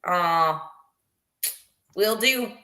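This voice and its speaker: A woman's voice: lowish voice, animated, very slow, pushed and bright. A woman hosting a casual live video show, chatty, laughing easily and reading out viewer comments. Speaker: show host.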